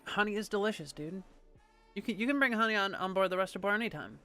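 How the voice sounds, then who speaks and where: Bright-voiced woman streamer chatting casually. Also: medium pitch, fast, faint music behind. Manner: chatty, rambling, casual swearing. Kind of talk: casual live-stream chat.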